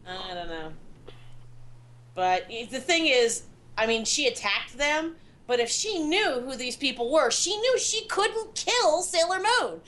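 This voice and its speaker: A woman co-hosting a podcast, chatting casually and animatedly, acting out quotes. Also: high voice. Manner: animated, quick asides and acted-out quotes. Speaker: podcast co-host. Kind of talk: casual chat.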